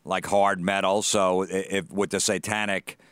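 A man's voice: sits low, little pitch movement, moderate pace, a bit bright, smooth, no room sound, studio quality. A man chatting easily in a casual talk show conversation. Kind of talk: casual chat.

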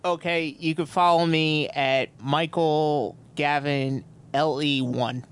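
A man's voice: a little high, fairly even intonation, slow, smooth. A man from Long Island, a podcast guest, giving brief, hesitant answers. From Long Island, USA.

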